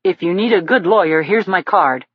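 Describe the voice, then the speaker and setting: A woman's voice: fairly low pitch, animated, normal speed, breathy edge, no room sound, lo-fi sound. A woman voicing a nervous young male lawyer who stutters and apologizes, in an audiobook. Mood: apologetic.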